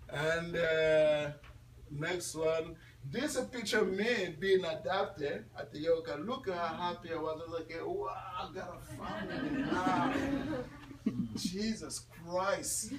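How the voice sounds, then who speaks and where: A man addresses a room of students, speaking slowly in a somewhat high voice and laughing as he quizzes them. He is picked up from across an echoey room. Faint ambient noise sits beneath. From Congo. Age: 20s. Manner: animated, laughing, quizzing the audience. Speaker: guest speaker at a school. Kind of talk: talk to students. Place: classroom or school hall. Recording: echoey room audio from far off.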